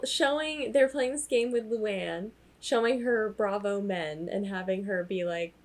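A woman's voice: mid-range voice, measured pace. A woman co-hosting a podcast in casual chat, telling stories animatedly and acting out quotes. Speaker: podcast co-host.

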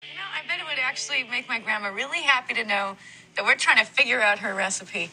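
An actress playing a quirky, offbeat young woman with a sweetly dark sense of humor, talking in a dreamy, deadpan way. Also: fairly high pitch, quick pace, over loud music, lightly acted, low-quality recording. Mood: wistful. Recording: loud clicky noise on a played clip.

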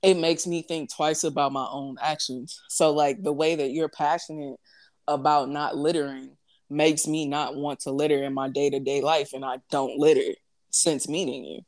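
A young woman with a deep, low-pitched voice in loose, casual conversation. She tells stories in an animated way, full of fillers and asides to her listeners, and hosts the talk. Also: moderate pace. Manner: animated storytelling, frequent fillers. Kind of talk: casual chat.

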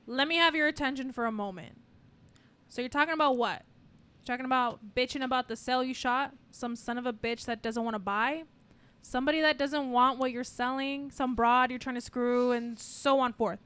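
A woman reading the part of a crude, commanding male sales boss in an amateur scene reading on a podcast, delivered loudly and assertively. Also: high-pitched, a little fast, clean tone. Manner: loud, assertive line reading.

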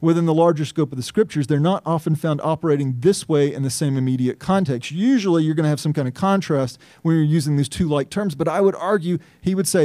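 Emphatic pastor with a dark, mellow voice. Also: male voice, fairly high pitch, brisk, no echo. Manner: earnest, emphatic, thinking aloud with restarts. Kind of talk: sermon.

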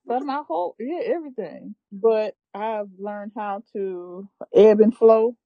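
A woman's voice: medium pitch, a little slow, dry recording, phone-quality sound. A woman in a casual chat, speaking hesitantly and searching for her words.

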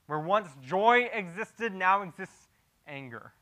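A man preaching through a passage verse by verse, his voice fairly high and bright with a sharp edge. He sinks to a grave hush on heavy points, then pushes up to loud, animated emphasis, restarting and repeating words as he goes. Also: takes it slowly, rough recording. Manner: swings between hushed gravity and loud animated emphasis; frequent restarts and repeated words when improvising. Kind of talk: expository sermon.

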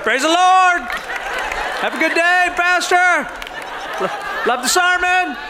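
Pastor putting on a big, suddenly pious driver; gushing and eager, pitched high. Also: male voice, slow, a crowd in the background, noisy background. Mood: sheepish gushing.

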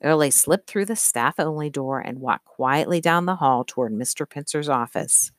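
Steady audiobook narrator, dry sound. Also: medium pitch, normal speed, dry recording. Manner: steady, even storytelling. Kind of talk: scripted narration.

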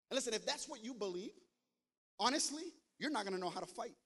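A man preaching a sermon as pastor, talking straight to his congregation and building to loud, emphatic passages. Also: sits high, animated, quick pace. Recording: long hall reverb.

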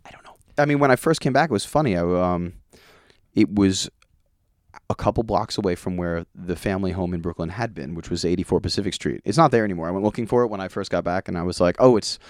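A man being interviewed, telling rambling family stories in a casual, animated way and laughing often. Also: low-pitched, quick pace, no room sound, clean studio sound. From Long Island, New York. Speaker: guest musician.

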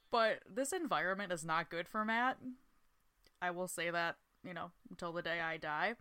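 A woman's voice: lowish voice, expressive, unhurried, bright, forceful tone, clear, resonant tone. A young woman co-hosting a podcast, recapping a reality show in casual chat, swearing freely and laughing often. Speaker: podcast co-host.

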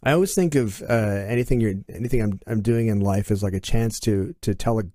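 A man's voice: lowish voice, a little fast, warm tone, no echo, studio quality. A middle-aged man from Canada, a podcast guest telling stories in casual conversation and acting out quoted dialogue with animation.

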